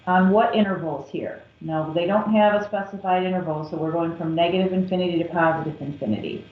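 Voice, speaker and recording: A woman math teacher working through a calculus problem step by step, patient and methodical. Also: on the low side. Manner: slow, patient, step-by-step explaining. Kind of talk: recorded calculus lesson. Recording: echoey, dull lo-fi classroom recording.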